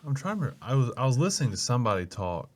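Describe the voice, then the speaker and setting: A man's voice: mid-range voice, big pitch swings, very fast, slight background noise. A man from Mississippi with a Southern American accent, speaking thoughtfully in a casual faith discussion.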